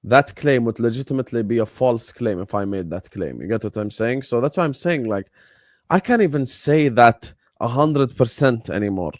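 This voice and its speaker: A young man hosting a football fan live stream, talking casually, animated and repetitive as he rants at his chat. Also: medium pitch, normal speed, dry recording. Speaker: football fan show host.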